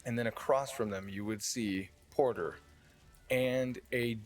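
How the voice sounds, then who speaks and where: A man's voice: mid-range voice, steady tone, a little slow, faint music behind. A man narrating a tabletop game as dungeon master, describing the scene with frequent fillers and restarts.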